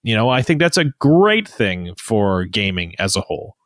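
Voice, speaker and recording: A man's voice: fairly low pitch, big pitch swings, moderate pace, fairly bright tone, dry recording. A man co-hosting a casual chat, easygoing and agreeable, laughing often. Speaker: podcast co-host.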